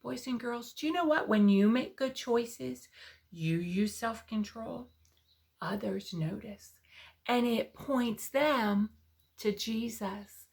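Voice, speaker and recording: A woman teaching preschoolers a Bible story and verse, speaking directly to the children in a sing-song, coaxing way and often dropping to a soft hush. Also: a little high, takes it slowly, gravelly. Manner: drops to a soft hush for emphasis.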